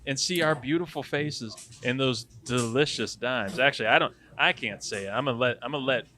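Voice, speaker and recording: A man's voice: medium pitch, a little fast, bright, forceful tone, faint music behind. A man hosting a sports podcast in upbeat, teasing banter. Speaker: podcast host.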